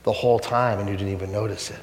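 A man voicing a great, gentle lion who speaks low and reassuringly. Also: fairly even intonation, fast, natural voice. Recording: echoey hall.

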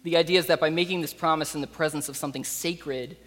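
A man's voice: fairly high pitch, steady tone, fast, fairly bright tone. Man preaching in a reverberant hall. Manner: conversational, with fillers and asides. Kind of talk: sermon.

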